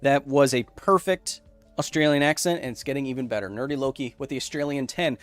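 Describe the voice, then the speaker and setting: Young male streamer, casual and self-interrupting, mid-pitched, soft music bed. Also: a little fast, no echo. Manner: rambling, self-interrupting, loose explanations. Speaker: livestream science host. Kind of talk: casual live chat, reading viewer messages.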